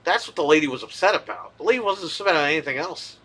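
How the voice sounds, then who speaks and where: A man chatting casually on a live stream, telling a profane, animated story. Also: on the high side, very fast, husky.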